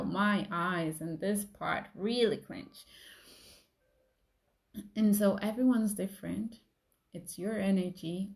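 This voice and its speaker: A young woman giving a gentle talk about emotions, softly reassuring and acting out inner thoughts. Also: mid-range voice.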